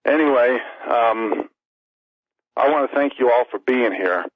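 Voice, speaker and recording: A man's voice: mid-range voice, unhurried. A man of sixty from New York City, a radio guest and author, running through an emphatic list of political demands and short of breath. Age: 60s. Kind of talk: impassioned political call-in monologue. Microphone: phone call. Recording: tinny phone line.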